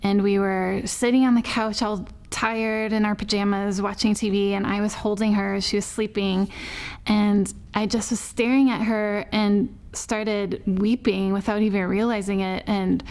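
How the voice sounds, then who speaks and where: A woman's voice: medium pitch, level tone, moderate pace, darkish tone. A mother telling an interviewer about her first nights at home, with tender, emotional recollection. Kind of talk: interview storytelling.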